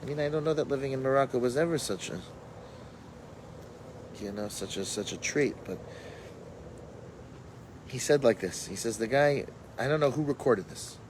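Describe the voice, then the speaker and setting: Rabbi guy teaching a class, mid-pitch voice, loose storytelling w/ hebrew words, faint rumble behind. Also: expressive, normal speed, pauses often, rough recording. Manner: storytelling, with Hebrew and Yiddish terms; thinks aloud with fillers and restarts. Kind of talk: conversational Torah class.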